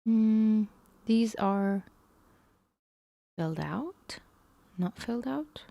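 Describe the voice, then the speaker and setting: A woman's voice: fairly high pitch, animated, drawn-out words, vocal fry, warm tone, no room sound. A woman live-streaming herself working through math lessons, musing aloud in a hesitant way and sometimes dropping to a whisper.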